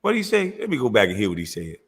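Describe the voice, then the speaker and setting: A man's voice: on the low side, wildly swooping pitch, very fast, husky. A man giving profane, incredulous reaction commentary on a clip he is watching.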